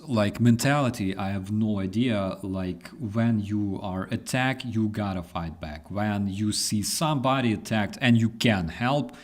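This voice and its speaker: A man's voice: fairly low pitch, measured pace, few pauses. Ranting male host. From Ukraine. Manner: ranting, profane, many fillers. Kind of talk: live news commentary.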